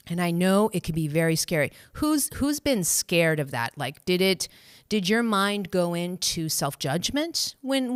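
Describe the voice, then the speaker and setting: Soft-spoken woman coaching a live stream. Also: no room sound, studio quality. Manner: gentle, reassuring, laughs often; acts out inner voices in a high cheery tone. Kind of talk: live-stream guidance, answering viewer questions.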